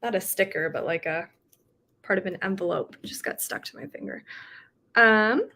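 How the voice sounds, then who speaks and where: A woman's voice: mid-range voice, normal speed, pushed and bright. A woman hosting a casual livestream, chatting about books and reading viewer comments with lots of fillers. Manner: chatty, with frequent fillers and laughs. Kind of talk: casual chat.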